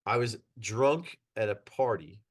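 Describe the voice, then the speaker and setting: A middle-aged man, a podcast guest, telling stories in a lively casual way, laughing and acting out quotes. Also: lowish voice, unhurried, slightly rough. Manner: animated, laughs through his stories, acts out quotes. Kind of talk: casual storytelling.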